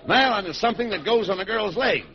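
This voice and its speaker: A man playing the straight man in 1940s radio comedy, brisk and exasperated. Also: high voice, animated. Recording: lo-fi old radio recording with loud hiss.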